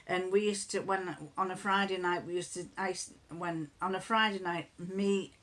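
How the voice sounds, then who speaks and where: A woman's voice: lowish voice, fairly even intonation, normal speed, a bit bright. A middle-aged woman, chatting casually in a vlog and telling rambling family stories with frequent chuckles. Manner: rambling storyteller, chuckles often, many restarts. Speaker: crafting vlogger. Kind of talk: casual chat.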